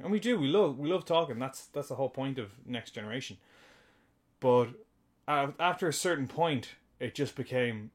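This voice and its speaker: A man's voice: medium pitch, normal speed. A man co-hosting a casual podcast, making dry, wry remarks with stammered restarts. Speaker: podcast co-host. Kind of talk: casual episode discussion.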